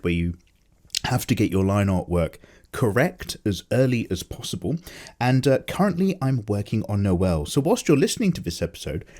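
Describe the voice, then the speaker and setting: A man's voice: on the low side, darkish tone. A tired man rambling casually and jokily as the host of an unedited chat. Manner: loose, chatty, jokey, many fillers. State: tired, low energy. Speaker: artist and channel host.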